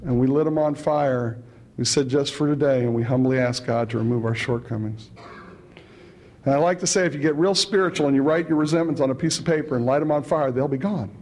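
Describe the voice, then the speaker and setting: With a medium-pitched, darkish voice and a brisk pace, a man shares his recovery story at a meeting. His manner is chatty and funny, peppered with "you know" and "right," and he chuckles between lines.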